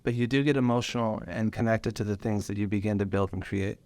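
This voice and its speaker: A man hosting a casual podcast conversation, an animated storyteller who swears freely as he talks about running his business. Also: lowish voice, fast talker. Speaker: podcast host and business owner.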